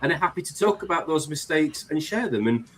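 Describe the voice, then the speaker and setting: A man's voice: on the high side, animated, brisk. Man, host, earnest, rambling, faint hiss. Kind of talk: casual live-stream chat.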